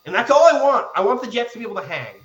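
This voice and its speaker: A man co-hosting a podcast, telling sports stories in a casual, excitable way and swearing freely. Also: very high voice, rapid-fire, roomy sound, lo-fi sound. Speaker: podcast co-host.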